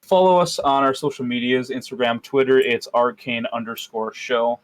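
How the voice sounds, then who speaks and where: A man in casual podcast chat, running a tabletop campaign as game master. He rambles and jokes, filling pauses with ums and uhs, and talks at an ordinary middle pitch. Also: rough recording. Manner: rambling, jokey, lots of fillers.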